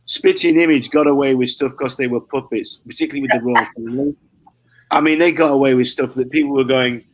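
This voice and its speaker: A man chatting on a livestream, rattling off opinions with quick asides. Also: medium pitch, steady tone, a little hiss or hum, low-quality recording. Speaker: livestream guest. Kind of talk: casual livestream chat.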